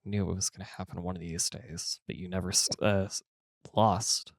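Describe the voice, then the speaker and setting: A man's voice: low-pitched, flat delivery, normal speed, no room sound, clean studio sound. A man playing a shifty, persuasive pit boss. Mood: reassuring. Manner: urgent, persuasive, stumbling restarts.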